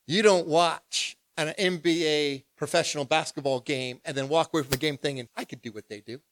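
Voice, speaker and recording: A man pastor preaching a discipleship lesson in a lively, humorous, conversational way, acting out prayers. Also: on the high side, a little fast. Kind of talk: sermon.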